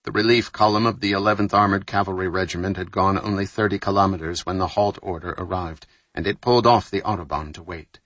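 Deep-voiced male narrator, slightly husky, measured and steady read for a thriller audiobook. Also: no room sound. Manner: measured, steady reading with lightly voiced dialogue.

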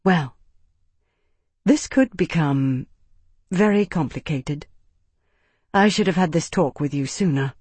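A narrator voicing a woman, a caring but firm aunt who speaks calmly and questions directly, in an audiobook. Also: sits low, slow, pauses often, breathy edge, no room sound, heavily acted.

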